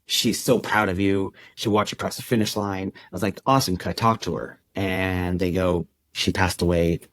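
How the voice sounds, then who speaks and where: A man's voice: low voice, fairly even intonation, moderate pace, fairly bright tone, no echo. A man as a podcast guest, telling a personal story in a conversational way and acting out what people said to him. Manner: conversational, acts out quoted dialogue. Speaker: podcast guest, endurance club founder.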